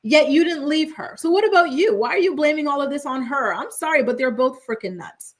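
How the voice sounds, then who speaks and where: A woman's voice: high voice, brisk. A young woman hosting a chatty, opinionated reality TV recap, with exasperated asides. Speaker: host.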